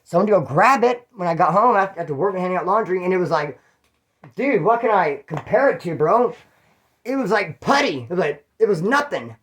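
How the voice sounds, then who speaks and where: A man's voice: sits high, animated, a little fast, fairly bright tone. A man from California telling stories in a casual, rambling way, full of street slang and swearing. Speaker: channel host telling prison stories. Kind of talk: casual storytelling.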